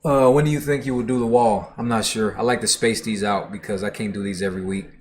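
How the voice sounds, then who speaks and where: A man's voice: fairly low pitch, steady tone, fast talker, slight background noise. A man hosting a music reaction livestream, chatting casually and reading viewer comments aloud in a laid-back, profane way.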